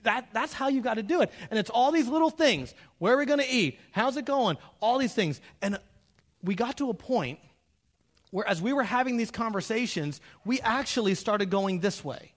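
High-voiced man preaching with humor. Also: moderate pace. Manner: animated, acts out quoted dialogue; humorous, direct address to the audience. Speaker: pastor. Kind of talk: sermon.

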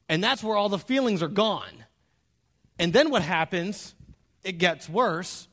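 A middle-aged man, a pastor, preaching a sermon, animated and humorous, acting out bits of dialogue and speaking straight to the congregation. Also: high-pitched, measured pace. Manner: animated, acts out quoted dialogue; humorous, direct address to the audience.

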